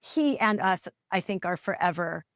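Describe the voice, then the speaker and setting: Her voice sits on the low side with lively intonation at normal speed as this woman in her forties, a parent coach, candidly tells her family's story in a podcast interview with earnest feeling, voicing remembered dialogue. The recording is dry and clean, studio sound.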